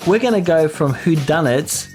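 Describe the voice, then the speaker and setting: A male podcast co-host chatting casually and agreeably. His pitch rises and falls in a lively way. Faint music plays under his voice. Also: normal speed. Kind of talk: casual chat.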